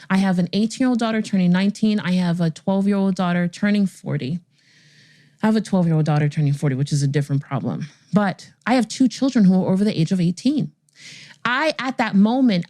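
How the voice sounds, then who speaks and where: A woman's voice: medium pitch, dry recording. A woman in her forties hosting a podcast, telling a personal story and acting out the voices of the people in it. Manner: animated, acts out the voices in her stories. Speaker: podcast host. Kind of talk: storytelling monologue.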